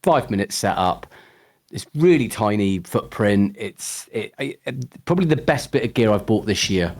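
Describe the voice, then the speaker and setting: A man speaking as a guest musician in a casual live-stream interview, relaxed and easygoing. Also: lowish voice, moderate pace.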